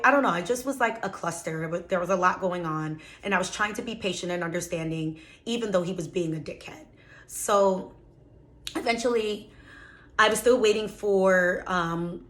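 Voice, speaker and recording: A woman's voice: medium pitch, fairly bright tone. A woman telling a personal story in a chatty, casual way, full of fillers and exasperated asides. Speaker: vlogger.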